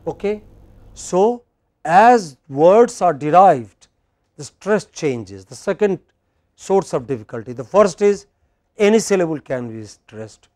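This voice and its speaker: A man with a fairly high voice runs a patient pronunciation drill, modelling words slowly and cueing each answer with short prompts. The sound is dry and close, with no room echo. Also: darkish tone. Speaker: English pronunciation teacher. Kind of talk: classroom drill lesson.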